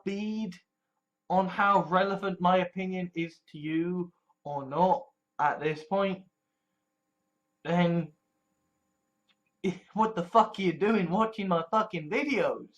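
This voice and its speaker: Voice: mid-range voice, takes it slowly, pauses often, dull audio. A video essayist delivering a casual, rambling monologue full of profanity and emphatic asides.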